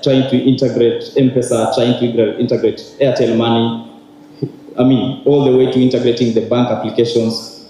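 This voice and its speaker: A man's voice: mid-range voice, mellow. A man trainer, casually explaining student projects at a ceremony with many fillers and repeated words. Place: large hall at a graduation ceremony. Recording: echoey hall with faint noise.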